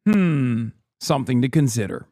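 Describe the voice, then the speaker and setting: A man's voice: medium pitch, expressive, normal speed, creaky, mellow, no room sound, studio quality. A man streaming live, commenting sarcastically and mocking his critics.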